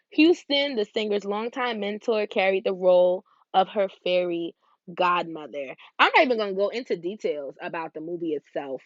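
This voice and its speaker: A young woman in her twenties chats through a solo podcast episode, spinning stories with slang and quick asides to her listeners. Her voice sits at an ordinary middle pitch. The recording is dry and close, with a slightly muffled top end. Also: no echo. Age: 20s. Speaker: podcast host. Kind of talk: casual solo podcast chat.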